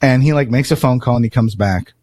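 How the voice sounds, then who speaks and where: A man tells a long story on a podcast, speaking casually and profanely while acting out what people said. He's animated and swears often. His voice sits at medium pitch, he talks fairly quickly, and there's no echo.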